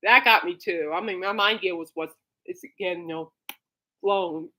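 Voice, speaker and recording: Gushing woman podcast host, lively pitch. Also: normal speed, gravelly. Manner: gushing, rambling, many fillers. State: coughing fits. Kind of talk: casual solo chat.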